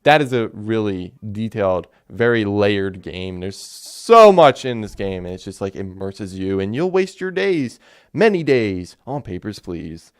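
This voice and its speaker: A man's voice: on the low side, very animated, measured pace, clean tone. A man hosting a solo podcast, talking casually and animatedly about video games, rambling with lots of fillers and restarts. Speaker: podcast host. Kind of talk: casual solo game talk.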